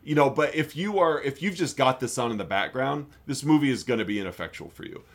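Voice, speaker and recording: Give me a man co-hosting a casual movie podcast, rambling and laughing, with a lively, varied pitch. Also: quick pace. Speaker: podcast co-host.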